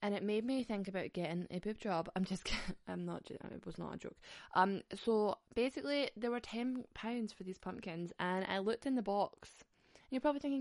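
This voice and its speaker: Giggly ranting woman with a gravelly voice. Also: medium pitch, fairly quick, a little mellow, no room sound, clean studio sound. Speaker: podcast host. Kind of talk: casual comic monologue.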